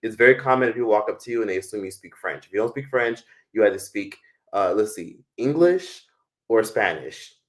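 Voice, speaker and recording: A man's voice: on the low side, lively intonation, fairly quick. A young American man hosting a live stream, talking casually in a rambling, profane way with lots of fillers. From United States.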